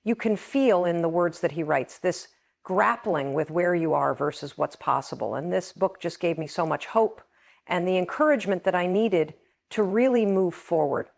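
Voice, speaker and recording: A middle-aged woman with a lowish, creaky, slightly mellow voice hosts a podcast at a moderate pace. She speaks earnestly and with emotion about something that moves her, reading passages aloud in a heartfelt monologue.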